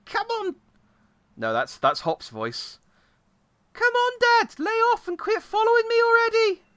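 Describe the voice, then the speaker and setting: A man voicing a stubborn, whiny teenage girl, in a shrill, exasperated falsetto. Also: huge pitch swings, unhurried, pushed and bright, dry recording, full character voice.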